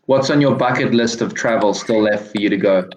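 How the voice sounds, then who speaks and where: A man interviewing a guest with quick casual questions, often starting with a hesitant filler. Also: on the low side. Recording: echoey room.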